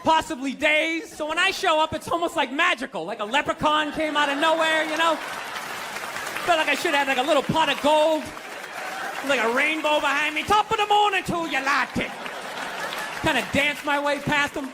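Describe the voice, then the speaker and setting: On a comedy stage, a man with a very high voice does stand-up at a moderate pace and a steady tone. His rambling, self-mocking routine is packed with "you know," and the live club recording carries loud crowd noise.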